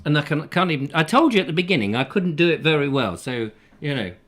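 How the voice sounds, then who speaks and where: A man's voice: fairly high pitch, sing-song, fast, a bit bright. A man with an English accent hosting a comic live chat show, rambling and self-deprecating. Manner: rambling, self-deprecating, fond of silly voices. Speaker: host.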